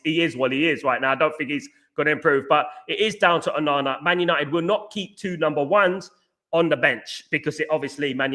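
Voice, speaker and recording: A man hosts a casual livestream, answering his viewers in a loose, repetitive way full of fillers and false starts. His voice sits a bit high for a man and sounds bright and forceful, with a combative edge when he pushes back. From London. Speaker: host of a football fan livestream. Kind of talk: casual livestream chat reading viewer comments.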